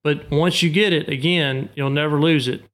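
A man's voice: fairly high pitch, fairly even intonation, moderate pace, fairly bright tone. A man in casual talk, patiently explaining duck-call technique step by step. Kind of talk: casual instructional chat.

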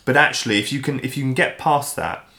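A man as a podcast guest, talking in a casual, animated way and acting out the voices he quotes. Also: medium pitch, fast, vocal fry. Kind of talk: casual interview chat. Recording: roomy echo.

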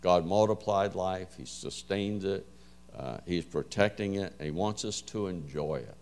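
Low-voiced man giving a folksy sermon. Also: measured pace, a little mellow, soft background music. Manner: folksy, conversational storytelling with frequent fillers. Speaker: preacher teaching a Bible class.

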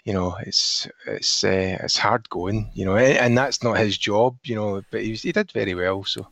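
A man's voice: fairly low pitch, moderate pace, creaky, a bit bright, no room sound. A man co-hosting a podcast, chatting casually and telling rambling anecdotes with frequent laughs. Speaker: podcast co-host. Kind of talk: casual chat.

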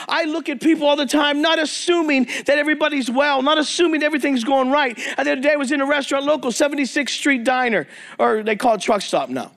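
Male preacher, high voice, animated storyteller sermon to a men's group. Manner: animated, acts out quoted voices, jokey asides. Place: church or men's meeting hall.

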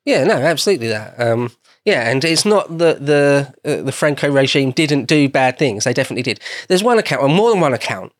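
Casting English male podcast guest, mid-pitched, rambling, self-correcting storyteller, dead-dry close mic. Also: very animated, brisk, no echo. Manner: meandering, circles back and rephrases often. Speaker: podcast guest explaining history. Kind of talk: casual podcast conversation.

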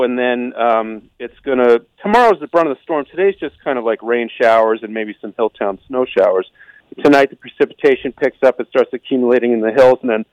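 A man, a weatherman on the phone, calmly explaining a coming snowstorm. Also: medium pitch, no echo, low-quality recording. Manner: relaxed, explanatory. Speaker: meteorologist caller. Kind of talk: weather forecast on air. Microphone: phone line.

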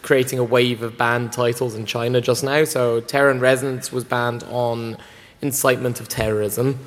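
A man's voice: mid-range voice, little pitch movement, moderate pace. A man speaking on a convention panel, enthusiastic and rambling with many fillers. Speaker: anime distributor panelist. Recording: long hall reverb.

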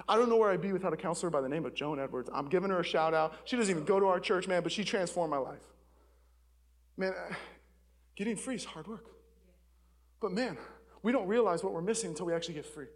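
A man from Seattle, a pastor, preaching a sermon in a candid, conversational storytelling way from a church stage. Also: sits high.

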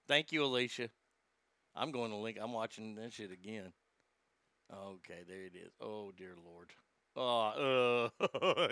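Brief: male comic host, sarcastic profane rant, bright, smooth, dry. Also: medium pitch, dry recording. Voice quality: rambling, sarcastic, stammering. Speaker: comedy show host.

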